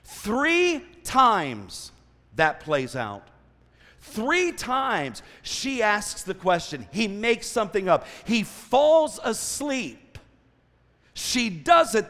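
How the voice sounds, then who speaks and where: Male traveling preacher, storytelling sermon, very lively pitch, echoing sanctuary. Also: measured pace. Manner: animated storytelling with asides and voiced quotes. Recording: long hall reverb.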